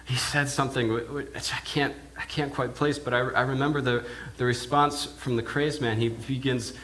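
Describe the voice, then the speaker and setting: A minister's medium-pitched, natural voice stays steady and a bit bright at a moderate pace as he preaches in church. Playing an amazed village pig herder, he tells the tale in the first person, hesitating and repeating words often.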